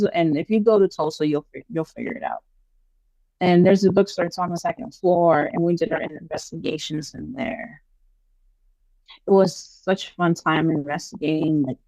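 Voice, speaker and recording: A woman guest on a podcast, casually telling paranormal stories in a chatty, animated way full of fillers. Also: sits low, dry recording. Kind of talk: casual storytelling interview.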